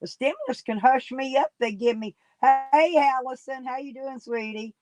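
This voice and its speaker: A woman's voice: high-pitched, normal speed, darkish tone, dry recording. A woman, sniffly and coughing, chatting casually and folksily with viewers on a live stream. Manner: folksy, rambling, talks straight to chat by name.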